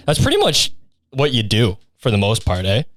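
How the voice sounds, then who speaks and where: A man's voice: mid-range voice, wildly swooping pitch, normal speed, fairly bright tone, no echo, clean studio sound. A young man hosting a solo comedy podcast, rambling through a crude, insult-heavy rant. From Canada. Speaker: podcast host.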